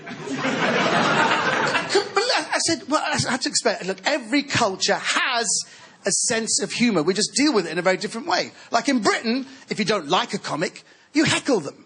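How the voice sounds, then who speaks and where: A man doing stand-up comedy on stage, shouting his punchlines and slipping into comic accents. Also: very high voice, big pitch swings, moderate pace, husky. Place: live theatre stage. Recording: loud laughing crowd in a theatre. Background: audience laughter.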